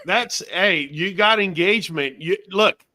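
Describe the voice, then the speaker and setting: Podcast host guy, upbeat, high and bright sounding. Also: measured pace. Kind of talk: casual chat.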